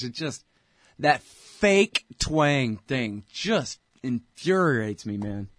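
A man's voice: medium pitch, no room sound, studio quality. A man hosting a talk show, rambling in a blunt, sarcastic way between ad reads. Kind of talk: casual political talk and ad reads.

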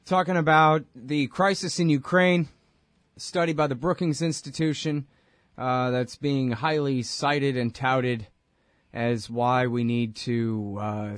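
Male radio host, mid-pitched, ranting with sarcasm, dry close sound. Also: fairly even intonation, a little slow, dry recording. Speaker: radio talk show host. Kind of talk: talk radio interview.

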